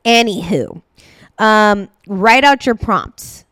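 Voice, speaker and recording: A young woman talks casually as a dance coach hosting her podcast, chatty and animated, with lots of quick asides. Her voice sits at an ordinary pitch, and the sound is dry and close. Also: no echo.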